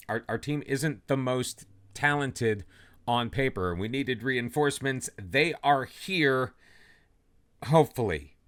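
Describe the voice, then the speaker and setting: A man's voice: mid-range voice, clean tone. A man hosting a football manager let's play, talking casually and poking fun at himself. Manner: chatty, self-deprecating, lively ups and downs. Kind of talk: casual gameplay commentary.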